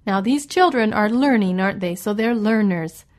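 A woman's voice: medium pitch, animated, moderate pace, darkish tone. A woman teaching English vocabulary in a patient, explaining way, spelling each new word out letter by letter as she goes through a story. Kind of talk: slow vocabulary lesson around a read-aloud story.

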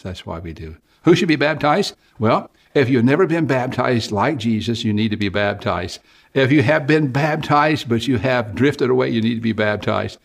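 A man's voice: medium pitch, animated, moderate pace, gravelly. An older man preaching an evangelistic sermon, with earnest, pleading appeals to the listener. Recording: music playing behind.

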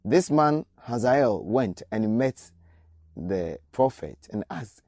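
Animated preacher giving a sermon. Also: male voice, mid-range voice, takes it slowly, dry recording, studio quality. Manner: exhorting, with repeated direct appeals. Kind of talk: radio sermon.

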